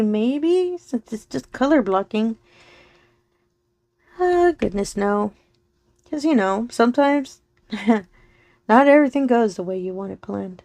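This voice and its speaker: A woman chatting casually while diamond painting on her craft channel, her voice going soft and slow as she focuses, with frequent giggles. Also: on the high side, no echo. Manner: giggles often between remarks. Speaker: crafting vlogger.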